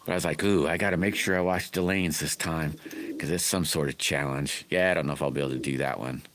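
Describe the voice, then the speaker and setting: A man's voice: very deep voice, quick pace, fairly bright tone, a little hiss or hum. A middle-aged man, rambling in a folksy way as he hosts a casual livestream and greets viewers by name. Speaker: livestream host chatting with viewers.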